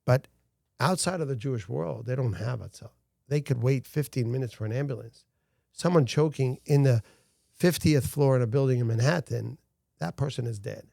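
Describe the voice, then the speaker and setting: A man's voice: medium pitch, normal speed, creaky, warm tone, no room sound, studio quality. A middle-aged man, a guest in an interview, telling stories earnestly with frequent restarts. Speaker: guest, founder of a rescue organization. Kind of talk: casual interview talk.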